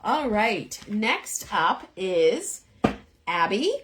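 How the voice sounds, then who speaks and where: A woman's voice: mid-range voice, big pitch swings, very slow, background noise. A young woman, who is losing her voice, gives chatty, encouraging tarot readings live into a phone above her eye level. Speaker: tarot reader. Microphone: phone held above eye level.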